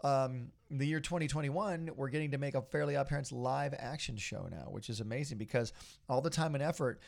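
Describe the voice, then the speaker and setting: A middle-aged man hosts a podcast in casual conversation. His voice has a gravelly texture at a medium pitch. He rambles a little, upbeat and motivational. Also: a little fast, a little mellow. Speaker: podcast host.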